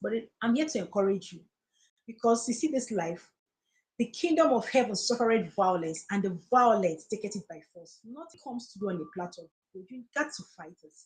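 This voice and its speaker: A woman's voice: mid-range voice, animated, moderate pace, darkish tone, low-quality recording. A woman with a Nigerian accent giving earnest, preachy encouragement on a live stream, repeating phrases for emphasis. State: tearful, close to crying. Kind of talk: motivational live-stream talk.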